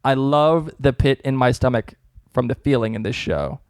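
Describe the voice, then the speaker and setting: A man's voice: medium pitch, moderate pace, clean tone, dry recording, studio quality. A young man from Massachusetts with a Massachusetts accent, co-hosting a podcast in casual chat and laughing often. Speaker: podcast co-host.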